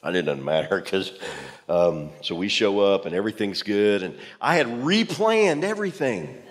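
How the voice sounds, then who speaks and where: A man, a pastor telling a personal story in a sermon with animated, self-deprecating humor. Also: lowish voice, moderate pace, long reverb tail. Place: church auditorium.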